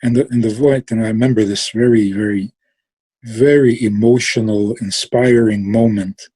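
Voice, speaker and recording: A man telling a story in a relaxed way, slow and reflective, trailing off and restarting and sometimes acting out the people in it. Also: on the low side, husky. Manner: acts out quoted voices with sudden outbursts.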